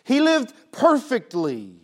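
Preacher, male, high-pitched, emphatic sermon delivery with soft and loud swings. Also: huge pitch swings, takes it slowly. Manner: rhetorical questions.

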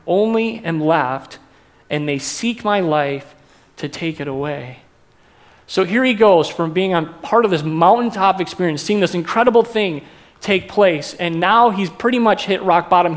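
Pastor guy with a high voice giving a chatty sermon, throws questions at the crowd. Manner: conversational, asks the congregation questions.

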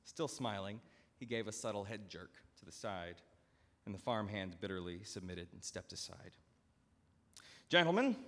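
A male pastor telling a story in a sermon with dramatic, expressive narration, recorded in a church. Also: lowish voice. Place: church sanctuary. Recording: long church hall reverb.

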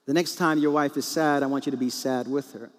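A man doing a quiet, measured male therapist. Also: medium pitch, fairly even intonation, long reverb tail, natural voice. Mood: calm. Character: calm, matter-of-fact male therapist.

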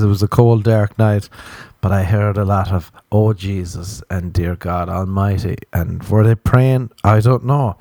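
A young man from Ireland hosts a podcast, delivering a rambling comic monologue of crude, jokey, tangent-filled stories. His voice is fairly low and warm, with no room sound.

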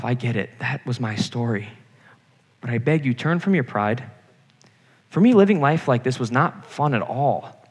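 A young man giving an earnest sermon to a campus group, telling stories from his own life. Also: mid-range voice. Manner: earnest, personal storytelling preacher. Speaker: campus ministry speaker. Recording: reverberant hall.

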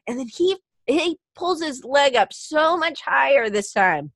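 A woman's voice: sits high, expressive, slow pace, no echo, studio quality. A woman hosting a podcast, tearful and talking in a rambling, heartfelt motivational monologue. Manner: rambling with restarts and filler words. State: teary, crying. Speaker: podcast host.

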